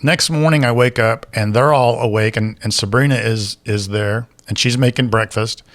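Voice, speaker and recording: A man's voice: medium pitch, moderate pace. A man telling a story on a podcast in casual chat, acting out the voices of the people in it. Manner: animated storyteller, acts out quoted voices. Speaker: podcast co-host.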